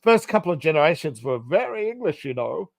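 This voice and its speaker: A man's voice: fairly high pitch, big pitch swings, a little fast, creaky, no room sound. A man with an Australian accent, co-hosting a podcast in casual chat, blunt and chatty, laughing often. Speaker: podcast co-host.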